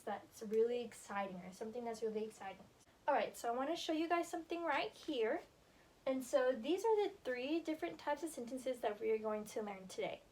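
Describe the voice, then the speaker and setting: A young woman teacher leads a class through a grammar lesson at the board, slow, deliberate, and encouraging, her voice a little high and a little mellow. A camera across the classroom captures her, so she sounds distant over faint room noise.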